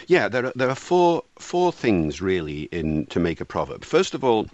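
A man who wrote a book on proverbs, talking in a radio interview, chatty and laughing often, reciting proverbs slowly. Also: on the low side, big pitch swings, a little mellow, no room sound, lo-fi sound.

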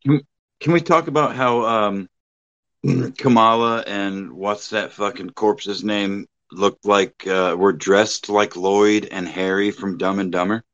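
A man's voice: fairly low pitch, fairly even intonation, slow pace, a bit bright, no room sound, highs cut off. A man joining a casual podcast stream as a guest, crude, blunt and joking.

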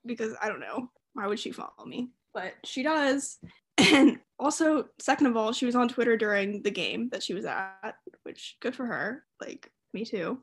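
A woman's voice: fairly high pitch, moderate pace. Giggly woman telling a story. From Southern United States. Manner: animated storyteller, laughs often, many fillers. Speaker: podcast co-host. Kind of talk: casual chat.

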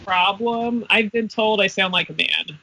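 A woman's voice: mid-range voice, measured pace, creaky, pushed and bright, rough recording. A woman in casual podcast chat, telling a story in a blunt, laughing way.

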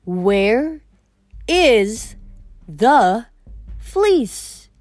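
Woman voicing smug menacing young man, slow drawn-out words, storybook villain. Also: fairly high pitch, animated, no room sound, faint music behind. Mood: silky menace.

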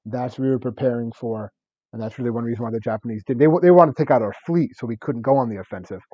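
Fast-talking man with a dark, husky voice. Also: mid-range voice, no echo, highs cut off. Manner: rambling storyteller with many restarts and laughs. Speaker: podcast co-host. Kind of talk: casual chat.

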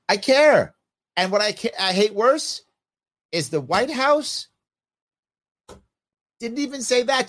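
A man's voice: sits high, big pitch swings, moderate pace, long pauses, fairly bright tone. A middle-aged man hosting a podcast and giving opinionated commentary, talking straight to listeners with rhetorical questions. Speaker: podcast host.

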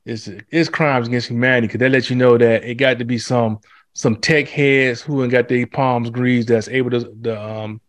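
Male co-host, casual and animated, profane, acts out quotes; dry, close recording. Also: medium pitch, normal speed, no echo. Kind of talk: casual chat.

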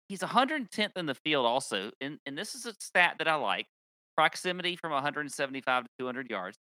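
A man's voice: on the high side, bright, forceful tone, dry recording. A man co-hosting a casual podcast, laughing easily and arguing his points with stats. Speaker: podcast co-host. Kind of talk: casual chat about golf picks.

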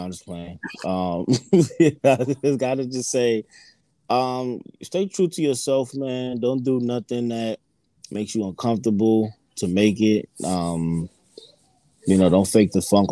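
Laid-back New comedian, slangy, low and dry. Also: male voice, mellow, no room sound. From New York. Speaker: comedian guest. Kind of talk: casual interview chat.

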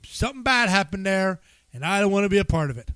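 A man with a fairly high voice co-hosts a casual podcast, teasing his partner and laughing through his stories. The recording is dry and close. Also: lively intonation, quick pace, fairly bright tone, no room sound. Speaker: podcast co-host. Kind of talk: casual chat.

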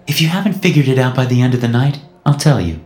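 A man's voice: mid-range voice, animated, quick pace, a little mellow, reverberant, voice pushed up, close to an everyday voice. A man voicing a confident, teasing young woman who speaks in a smirking, direct way.

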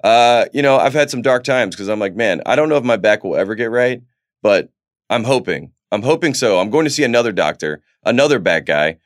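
A man's voice: mid-range voice, animated, brisk, dry recording, clean studio sound. A man co-hosting a podcast in casual chat, laid-back and jokey as he tells stories. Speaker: podcast co-host.

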